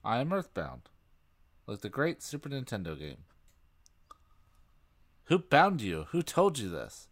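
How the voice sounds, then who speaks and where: A man's voice: medium pitch, huge pitch swings, a little slow, pauses often, a bit bright. A man co-hosting a comedy podcast, reading a book aloud with dry, mocking asides. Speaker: podcast co-host.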